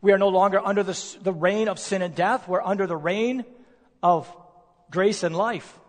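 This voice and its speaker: Guy preaching a sermon, pretty high voice, punchy rhetorical questions, long echo from a big church hall. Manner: emphatic, rhetorical questions, slows for stress. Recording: long reverb of a large hall.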